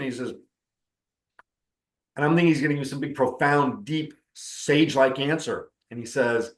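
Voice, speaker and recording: A man's voice: medium pitch, normal speed, echoey room. A middle-aged man, a spiritual teacher and counselor, telling a story in a conversational way and acting out the dialogue. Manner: conversational, acts out quoted dialogue. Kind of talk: storytelling talk on spiritual practice.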